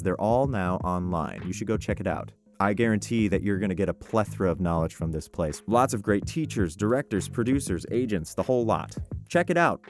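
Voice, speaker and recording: A man's voice: fairly low pitch, a little mellow. A voice actor, a man, giving upbeat and encouraging career tips in a casual, conversational way. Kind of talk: casual advice vlog.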